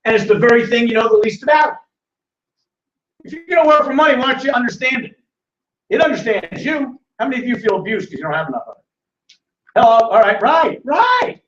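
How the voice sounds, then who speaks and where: Hosting a live financial seminar, this man speaks very high and fast with long pauses, his expressive tone fairly bright. He tells stories, acting out the voices in them, and calls on audience members by name. The roomy, distant recording sounds dull and lo-fi, with slight background noise.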